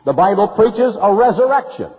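A man's voice: big pitch swings, normal speed, husky. A man preaching an emphatic, sarcastic broadcast sermon, recorded on a dull lo-fi tape with long reverb. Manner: emphatic, sarcastic preaching with sharp pitch swings.

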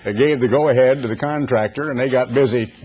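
A man's voice: medium pitch, brisk, darkish tone. An older man preaching a sermon, telling folksy stories with humorous asides before turning to scripture. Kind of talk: sermon with anecdotes.

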